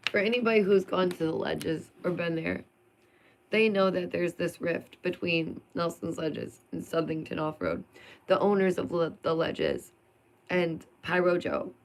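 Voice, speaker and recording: A woman's voice: on the low side, lively intonation, unhurried. A woman vlogger venting in an emphatic, sarcastic monologue full of rhetorical questions.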